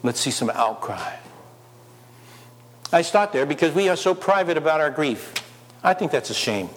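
A man preaching a sermon, firing off rhetorical questions and swinging between loud urgency and quiet asides. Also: fairly high pitch, big pitch swings, normal speed, slight background noise. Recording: long hall reverb.

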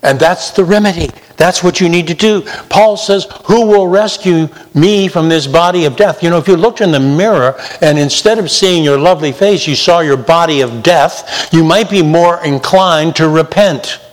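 A man's voice: on the high side, moderate pace, few pauses. A man preaching a sermon with emphasis, slipping into mocking imitations of sinners. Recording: long hall reverb.

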